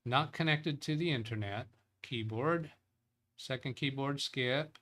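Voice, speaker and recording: A man with a bright, sharp-edged voice hosts a casual live tech show at an ordinary middle pitch. He reads out viewer chat and thinks aloud as he works, rambling and chuckling between points. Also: a little slow. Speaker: tech livestream host.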